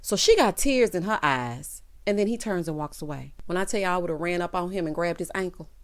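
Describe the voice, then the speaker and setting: A woman's voice: lowish voice, expressive, fairly quick. A woman chatting through a TV episode recap, sassy and dramatic, calling her listeners child and honey and acting out the characters' lines. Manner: sassy, calls the audience child, honey and baby. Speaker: TV recap vlogger.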